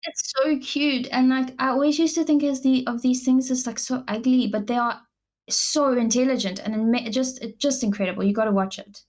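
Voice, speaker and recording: A woman's voice: high-pitched, fairly even intonation, moderate pace, a little mellow. A young woman with a South African accent, co-hosting a podcast in casual, gushing chat full of "like" fillers. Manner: chatty, gushing, many "like" fillers. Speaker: podcast co-host.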